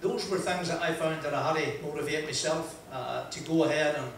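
An older motivational speaker from Ballymoney, Northern Ireland, tells a humorous story to an audience in a broad Northern Irish accent, his voice a little high for a man and fairly quick. His delivery is lively and anecdotal, acting out the dialogue. He is far from the mic, and his words echo around a big hall over faint noise.

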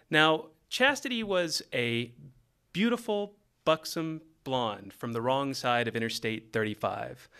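A man from Texas tells a funny story with wry timing and a voice that swings up and down a lot. His tone is bright and forward. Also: medium pitch, gravelly, clean tone. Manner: wry, animated delivery. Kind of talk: scripted comedic storytelling.

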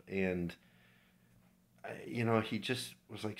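Man from Minnesota, deep voice, earnest and heartfelt, casual church devotional. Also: steady tone, measured pace, pauses often. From Minnesota, USA. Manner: earnest, heartfelt personal testimony. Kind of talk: informal devotional talk.

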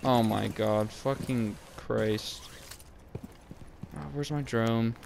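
A man with a gravelly, creaky voice planning moves with his teammate over voice chat. He is mostly relaxed but sometimes breaks out in frustration. Faint game noise sits behind him. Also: mid-range voice, measured pace. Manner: relaxed strategizing, occasional frustrated outbursts. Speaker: video game player. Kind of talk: team voice chat during play.

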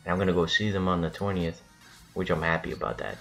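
A man's voice: low-pitched, quick pace, vocal fry, a bit bright, faint music behind. A man rambling and swearing through casual gameplay commentary, with lots of restarts. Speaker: gaming channel host.

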